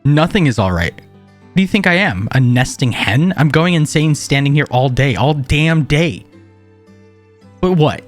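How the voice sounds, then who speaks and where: A man's voice: a little high, expressive, unhurried, faint music behind. A man reading as a fed-up bitter peasant wife. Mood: exasperated. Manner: sarcastic ranting. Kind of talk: reading game dialogue aloud.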